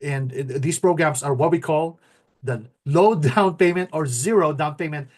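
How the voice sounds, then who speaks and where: A middle-aged man co-hosting a casual talk, excited and stammering often as he restarts his sentences. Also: a little high, normal speed. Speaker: co-host.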